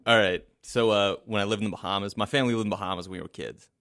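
A man's voice: fairly low pitch, fairly even intonation, racing, fairly bright tone, no echo. A man co-hosting a casual podcast, telling a story in a dry, teasing, laid-back way. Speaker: podcast co-host.

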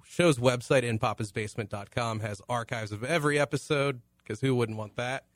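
A man's voice: mid-range voice, a little fast, no room sound. A man hosting a podcast in a small studio, sick with a cough, joking and rambling in casual chat on a studio mic. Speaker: podcast host.

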